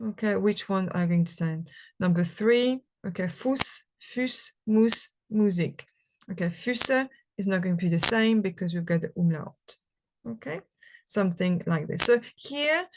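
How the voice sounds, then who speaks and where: A woman presenting a live teaching webinar for language teachers, explaining activities step by step with many "okay"s. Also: fairly low pitch. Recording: recorded live webinar with faint background noise.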